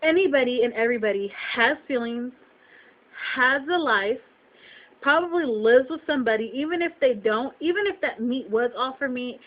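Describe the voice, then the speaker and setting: Young woman vlogger, higher voice, indignant venting, dull webcam sound with faint hiss. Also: lively intonation, normal speed. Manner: indignant, emphatic storytelling. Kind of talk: venting to camera.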